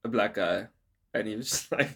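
A man's voice: fairly low pitch, moderate pace, creaky, a bit bright, breathy edge. A man co-hosting a casual podcast chat, laid-back and laughing, with lots of "like" in his speech.

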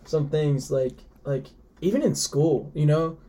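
A man's voice: on the high side, mellow. A young man, a podcast guest, talking casually with many fillers and restarts. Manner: halting, many fillers and restarts, laughs often.

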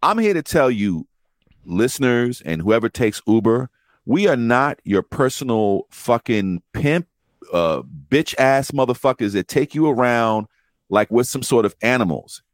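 Animated profane man telling driving stories. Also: medium pitch, measured pace, no echo, studio quality. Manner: animated, profane, acts out quoted voices. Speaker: podcast host telling rideshare driver stories. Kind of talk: casual storytelling chat.

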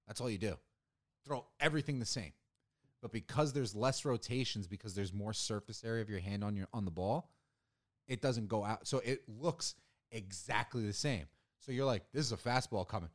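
A young man co-hosting a casual podcast chat, rambling with lots of "like," restarts and swearing. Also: lowish voice. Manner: rambling, profane, many restarts and fillers. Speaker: podcast co-host.

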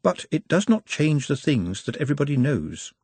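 A man reading an audiobook, voicing a young male orc smith who speaks quietly, politely and in a measured way. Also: on the high side, very animated, breathy edge, dry recording, pitched above the performer's own voice, exaggerated voice. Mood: calm.

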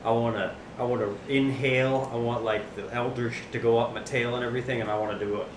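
A woman from Florida playing a tabletop game, joking and swearing in an animated way. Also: very deep voice, fast talker. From Florida, USA. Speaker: player. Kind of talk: casual tabletop chat. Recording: distant mic, echo, audible hum.

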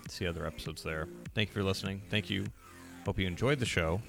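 A man's voice: low voice, quick pace, creaky, music in the background. A man co-hosting a podcast in laid-back, joking chat, often tripping over his words. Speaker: podcast co-host. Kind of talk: casual chat.

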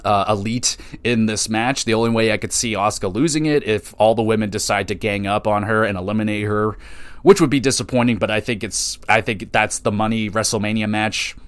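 A fairly low-voiced man talks straight into a close mic in a dry, dead room. He runs his solo podcast in a loose, profane style, getting excited and thinking out loud as he makes his picks. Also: brisk, dry recording. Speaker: podcast host. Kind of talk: solo wrestling podcast predictions.

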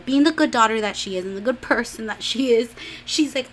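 A woman's voice: medium pitch, a little fast, fairly bright tone. Young woman chatting thru a drama recap, lots of "like", acting out the lines, a bit of hiss behind. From Mexican-American household. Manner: gossipy, lots of fillers, acts out quotes.

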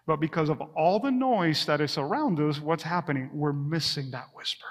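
A man preaching a sermon as a pastor, drawing the congregation into call-and-response, dropping to a hush on soft words and telling stories with lively acted asides. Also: fairly high pitch, moderate pace, long reverb tail. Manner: energetic storytelling with acted asides.

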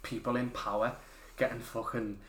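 A man's voice: medium pitch, little pitch movement, moderate pace, fairly bright tone, slight background noise. A man co-hosting a podcast, teasing his friend with swearing and casual banter. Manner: teasing, joking, swearing freely. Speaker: podcast co-host. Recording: roomy echo.

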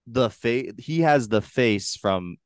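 A man's voice: mid-range voice, expressive, slow, smooth, dry recording, studio quality. A man with a New Hampshire accent, hosting a casual movie review podcast in a loose, rambling way with casual swearing. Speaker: podcast host.

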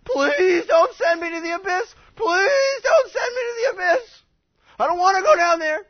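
A man voicing terrified demons who cry and shout as they plead. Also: extremely high pitch, lively intonation, normal speed, pitched above the performer's own voice. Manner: shouted, crying pleas. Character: pleading demons crying out in terror. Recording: dull lo-fi recording.

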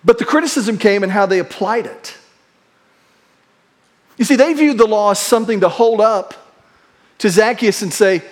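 A man with a high-pitched voice preaches a sermon from the pulpit. He rushes through quick asides, then slows and drops to a hush for emphasis. He calls out lines for the congregation to repeat. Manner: shifts between quick asides and slow, hushed emphasis; leads the congregation in call-and-response. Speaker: pastor.

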